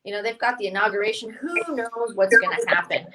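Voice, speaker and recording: A young woman from Canada doing a stand-up comedy set for an online stream, with a deadpan, self-mocking delivery. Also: mid-range voice, fast talker, heavy background noise.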